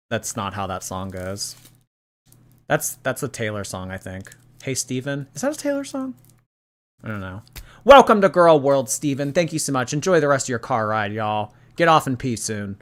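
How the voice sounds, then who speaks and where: A woman's voice: extremely low pitch, a bit bright. A woman hosting a livestream, chatting sarcastically and reading viewer messages aloud, with a light lilt. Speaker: host. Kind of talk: casual livestream commentary.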